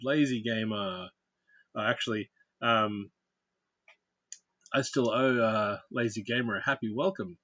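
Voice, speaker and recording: A man's voice: medium pitch, fairly bright tone, no room sound, highs cut off. A man hosting a casual livestream, chatting and greeting viewers by name while he builds. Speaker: livestream host.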